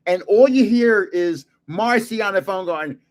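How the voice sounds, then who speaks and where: An older man with a high-pitched voice speaks at a measured pace while hosting a card-opening video for his collector channel. He chats casually and rambles off into funny stories, laughing at his own jokes.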